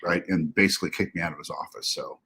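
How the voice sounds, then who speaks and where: Low-voiced halting man co-host. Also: fairly even intonation, vocal fry, bright, forceful tone, breathy edge. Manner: halting, restarts, frank and profane. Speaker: podcast co-host. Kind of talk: candid casual chat.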